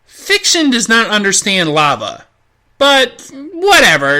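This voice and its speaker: A woman's voice: a little high, very animated, unhurried, bright, forceful tone. A woman host narrating a snarky, profane comedic anime review.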